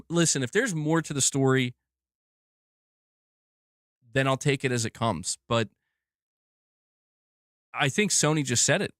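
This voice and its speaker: A man's voice: fairly low pitch, clean tone, dry recording, studio quality. A man hosting a gaming news stream, ranting angrily with lots of swearing and repeated outbursts. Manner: angry, profane, repetitive outbursts. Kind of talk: live stream rant.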